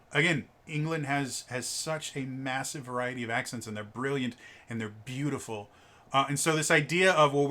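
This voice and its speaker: A man's voice: medium pitch, pushed and bright. An American man reviewing a tabletop game in casual, rambling commentary, full of fillers and stammered restarts. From United States.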